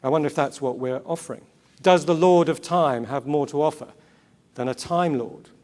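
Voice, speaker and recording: His voice sits on the higher side and sounds a little mellow. Speaking earnestly at a Christian conference in a sermon-like manner, he poses rhetorical questions, repeats important words, and makes quick asides and corrections along the way.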